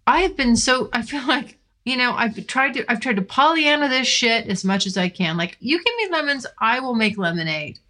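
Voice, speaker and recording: A woman's voice: on the high side, bright, forceful tone. A woman hosting her own podcast, venting frankly and with plenty of swearing. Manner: frank and profane, venting with laughs. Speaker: podcast host. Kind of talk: candid solo podcast rant. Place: California. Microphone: filmed while recording.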